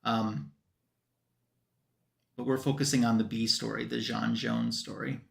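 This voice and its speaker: Male host for a comic book chat show: easygoing, rambling recap full of fillers, medium pitch. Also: level tone, a little slow, vocal fry, a bit bright. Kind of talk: casual comic book recap on a panel stream.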